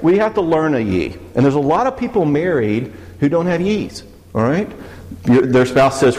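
A man's voice: a little high, sing-song, moderate pace, darkish tone. A man giving a church teaching talk on marriage, joking and asking the audience questions. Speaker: speaker on faith and marriage. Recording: long hall reverb.

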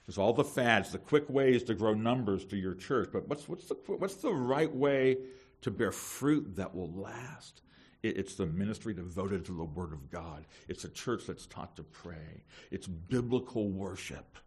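Emphatic, animated middle-aged male preacher. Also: fairly low pitch, unhurried, breathy edge. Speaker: pastor. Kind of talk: sermon to seminary students.

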